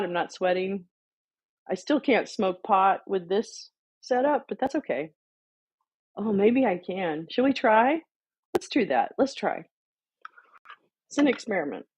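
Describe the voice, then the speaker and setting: A woman's voice: mid-range voice, breathy edge. A woman hosting a casual live stream, chatting playfully with her viewers and calling them darlings. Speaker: livestream host.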